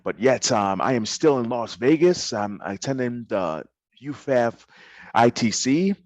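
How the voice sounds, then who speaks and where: A man hosting a podcast interview in casual chat, talking haltingly with many fillers and restarts. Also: mid-range voice, lively intonation, darkish tone, dry recording. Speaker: podcast host. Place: hotel during a convention.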